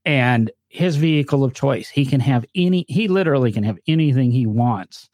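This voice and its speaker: A man's voice: medium pitch, animated, normal speed, a little mellow, dry recording, studio quality. A man with a northern US accent, chatting casually about cars with rambling, filler-heavy storytelling. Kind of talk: casual chat.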